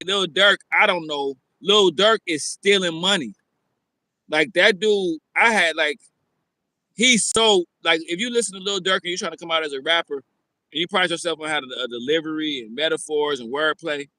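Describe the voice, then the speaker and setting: High, bright-voiced man in casual chat. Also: no room sound, poor audio. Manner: slangy, repeats himself, frank opinions.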